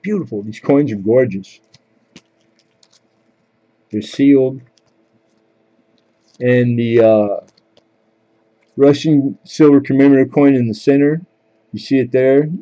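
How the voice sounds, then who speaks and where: A man runs a live coin auction, calling for bids and joking around with viewers between lots. His voice is very dark and mellow, and the sound is a bit dull and lo-fi, like a home stream mic. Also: mid-range voice, fairly even intonation, slow, long pauses.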